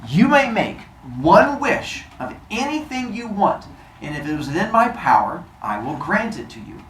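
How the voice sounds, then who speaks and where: A man voicing a booming, fatherly male sun god who makes loud, slow, grand pronouncements. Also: sing-song, roomy sound, slight background noise, full character voice, low-quality recording.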